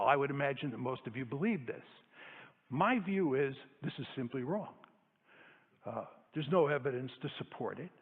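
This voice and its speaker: Emphatic man lecturing in an echoey hall. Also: on the high side. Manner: emphatic and argumentative, hammering points through repetition. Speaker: lecturer addressing an audience. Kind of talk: public lecture. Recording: echoey hall over a tinny phone-like line.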